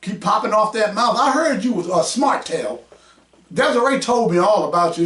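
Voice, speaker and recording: A man hosting his own podcast, combative and mocking, raising his voice to a shout as he rants. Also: high-pitched, animated, normal speed. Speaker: podcast host. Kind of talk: heated podcast rant. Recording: roomy echo, mic at a distance.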